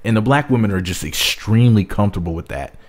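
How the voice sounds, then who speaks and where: A man's voice: on the low side, expressive, fast talker. A man talking bluntly to camera in a casual commentary vlog, rambling with many restarts. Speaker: YouTube commentator.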